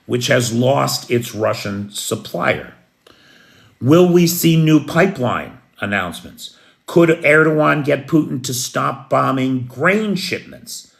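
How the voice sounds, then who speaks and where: A gravelly-voiced American man, middle-aged, who gives blunt, unscripted news commentary. He poses rhetorical questions and does not soften his opinions. His pitch sits in a typical male range. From United States.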